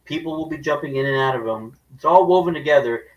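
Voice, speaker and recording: A man co-hosting a movie talk show, calm and explanatory in casual chat. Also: a little high, distant mic, dull audio. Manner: measured, explanatory. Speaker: podcast co-host. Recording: voice a bit away from the mic.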